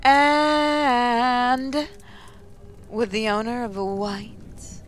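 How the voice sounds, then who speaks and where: A woman voicing a perky female school announcer, reading out bizarre notices with a bright broadcast-style cheer. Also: on the high side, steady tone, drawn-out words, slight background noise, voice pushed up. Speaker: morning announcer.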